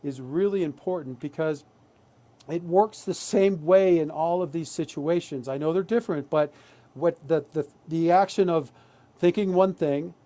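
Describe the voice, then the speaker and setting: Man, workshop presenter, earnest, keeps asking "right?", slightly high voice, mellow tone. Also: moderate pace. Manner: earnest, repetitive, checks in with "right?". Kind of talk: live online workshop talk.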